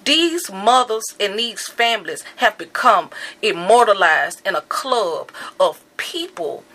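Angry, emphatic woman with bright voice. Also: fairly high pitch. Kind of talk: impassioned monologue.

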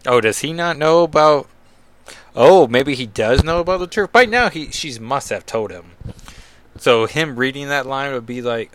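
A man's voice: medium pitch, animated, moderate pace, a bit bright. A man reading a comic book aloud and breaking off for chatty, digressive, self-deprecating asides. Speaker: comic book reader and commentator.

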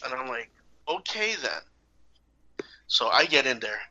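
A man telling a casual story in an animated way, acting out the people in it. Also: medium pitch, brisk, lo-fi sound. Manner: animated, acts out the characters. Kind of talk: casual anecdote.

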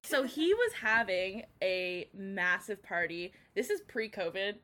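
A woman's voice: mid-range voice, sing-song, unhurried, a bit bright. Chatty young woman full of slang. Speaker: podcast co-host. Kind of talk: casual storytelling chat.

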